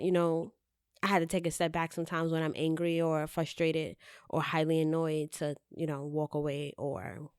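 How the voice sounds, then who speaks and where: A woman speaking as a guest in a casual interview, candid and animated, cursing freely as she tells her stories. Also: low-pitched, clear, resonant tone, dry recording, studio quality. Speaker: podcast guest, editor-in-chief.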